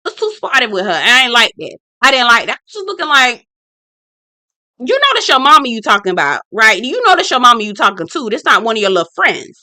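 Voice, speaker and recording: A woman's voice: fairly high pitch, big pitch swings, fast talker, sharp tone, no room sound, clean studio sound. A woman hosting a casual reality-show review vlog, blunt and sassy, talking straight to her viewers and repeating her points for emphasis. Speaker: reality TV recap host.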